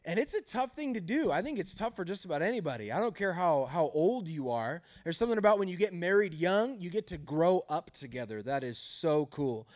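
A man's voice: sits high, big pitch swings, brisk, hardly any pauses, darkish tone. Candid, joking male pastor. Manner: humorous storytelling, often laughing; self-deprecating and candid. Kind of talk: sermon.

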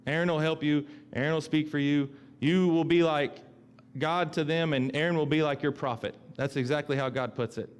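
A man's voice: fairly high pitch, steady tone, normal speed, clear, resonant tone. A middle-aged male pastor preaching a sermon in a conversational way, often repeating himself and acting out the voices he quotes.

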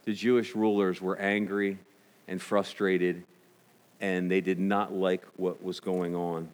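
A man's voice: sits low, flat delivery, takes it slowly, in a large hall. A man preaching a conversational sermon as a pastor, often asking the congregation questions.

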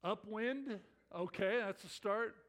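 A man preaching a sermon to his congregation, telling stories in an animated way with exclamations that rise. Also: high-pitched, slow. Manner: animated storytelling with rising exclamations. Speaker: pastor.

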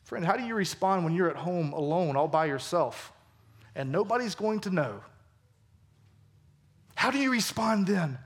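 High-voiced Southern pastor preaching earnestly. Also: male voice, animated, moderate pace, long pauses, slightly rough. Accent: Southern American. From Georgia, US. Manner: earnest, conversational preaching with rhetorical questions. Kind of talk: sermon.

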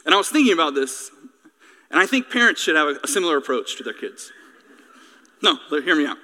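Male pastor, sermon, animated and joking, bright voice, echoey hall. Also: fairly high pitch, a little fast.

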